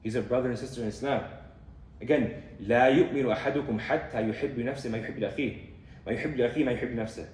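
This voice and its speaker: A young man giving a casual talk on a hadith, explaining in a relaxed way with fillers and Arabic terms. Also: medium pitch, very fast. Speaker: student speaker on hadith. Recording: echoey room from far off.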